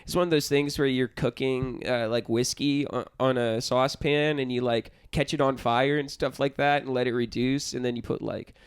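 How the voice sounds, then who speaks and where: A man's voice: mid-range voice, steady tone, moderate pace, hardly any pauses, clean tone, dry recording, clean studio sound. A young man co-hosting a casual podcast, joking around and swearing. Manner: joking, profane, laughs while talking. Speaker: podcast co-host.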